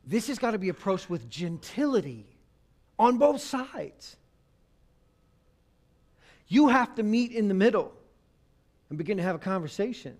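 A man preaching a sermon on marriage, swinging from loud emphasis to hushed, intimate tones. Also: high voice, big pitch swings, measured pace, long pauses.

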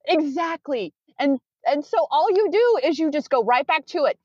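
A woman's voice: high-pitched, lively intonation, normal speed, darkish tone, dry recording. A woman who works with clients, talking in a meandering, earnest way and often correcting herself mid-sentence in a conversational interview. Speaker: coach with clients. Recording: dull lo-fi sound.

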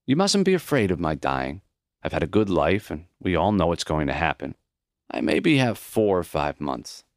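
A gentle old professor, soft-voiced and calmly accepting as his breath runs short, as a man reads him in an audiobook. He speaks a little lower than the reader's own voice, with lively rises and falls. The recording is dry and close. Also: moderate pace, dry recording. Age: older.

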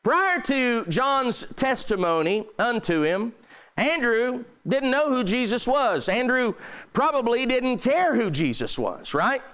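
A man's voice: very high-pitched, big pitch swings, slow pace, a bit bright. A man preaching a sermon, emphatic and repetitive, reading scripture aloud and stressing his points.

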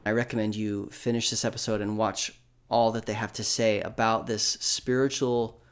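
A man giving reflective, soft-spoken commentary on a scripture discussion. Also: on the low side, flat delivery, normal speed, smooth. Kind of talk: video commentary.

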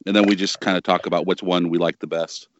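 A man's voice: deep voice, little pitch movement, fast talker, dull audio, a little hiss or hum. A man from Southern California, a guest podcaster, chatting casually with jokes at his own expense. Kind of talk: casual chat.

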